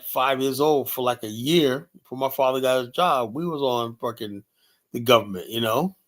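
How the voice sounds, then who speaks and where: A man hosting a livestream, talking in a grumpy, profane, rambling way. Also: medium pitch. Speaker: livestream host. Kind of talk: casual ranting livestream talk.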